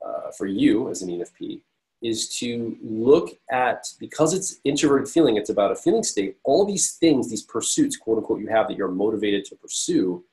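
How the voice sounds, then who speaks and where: Fast-talking, low-voiced man giving earnest advice. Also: a little mellow, poor audio. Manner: earnest, self-reflective, explains with personal examples. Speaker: personality coach and podcast co-host. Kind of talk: casual advice talk to camera.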